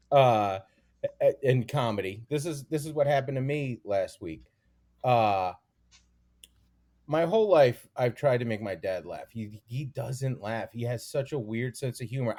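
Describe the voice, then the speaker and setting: A man's voice: medium pitch, expressive, a little slow, a little mellow. A man co-hosting a comedy podcast, telling a story and teasing his guest. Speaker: co-host. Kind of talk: casual comedy podcast chat.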